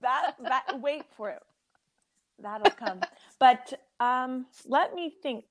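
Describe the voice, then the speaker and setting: A woman's voice: high-pitched, lively intonation, takes it slowly. A woman co-hosting a podcast in playful casual chat, laughing often. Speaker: podcast co-host.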